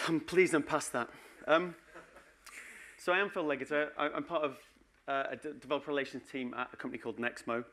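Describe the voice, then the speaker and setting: A man's voice: medium pitch, fairly bright tone. A man giving a conference talk in a chatty, joking way, often restarting his sentences. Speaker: conference speaker. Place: conference hall.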